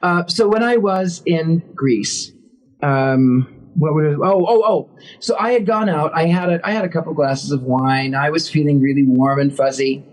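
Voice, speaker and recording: A man, a guest psychic on a casual podcast, telling animated stories and acting out the dialogue with frequent restarts. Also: a little high, measured pace, low-quality recording.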